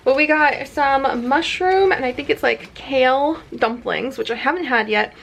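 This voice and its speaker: A woman's voice: high voice, normal speed, vocal fry, fairly bright tone, slight background noise. A woman vlogging in a bubbly, chatty way, gushing over food and pets. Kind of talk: casual vlog chat to camera. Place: outdoors at home, then indoors.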